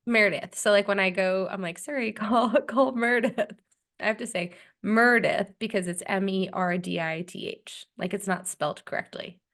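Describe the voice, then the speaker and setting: A woman's voice: medium pitch, fairly even intonation, normal speed, few pauses, fairly bright tone. A young adult woman co-hosting a podcast in casual chat, playful and joking, while getting over a cold. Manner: playful, joking, laughs often. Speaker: podcast co-host.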